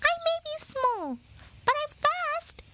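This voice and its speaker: A woman's voice: extremely high pitch, very animated, takes it slowly, heavy background noise, voice pushed up, full character voice. A woman voicing Pip, the youngest and smallest mouse, a young male who is eager and determined.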